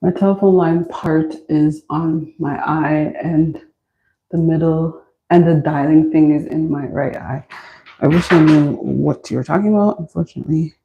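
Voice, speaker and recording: A woman's voice: low voice, fairly even intonation, moderate pace, dark tone, dull audio, slight background noise. A woman hosting a casual livestream, chatting with viewers and answering chat comments while working on a wig in a small washroom, recorded on her phone. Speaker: livestream host styling a wig. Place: small warm washroom indoors. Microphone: phone camera.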